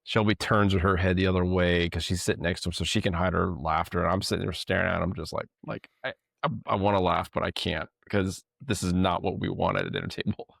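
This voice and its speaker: A man's voice: low voice, fairly even intonation, quick pace, vocal fry, few pauses, fairly bright tone, dry recording. A man co-hosting a podcast in casual chat, a rambling storyteller who often laughs. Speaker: podcast co-host.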